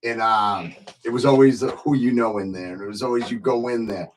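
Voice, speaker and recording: A man's voice: medium pitch, steady tone, a little fast, rough recording. A man hosting a casual interview, asking rambling questions with fillers.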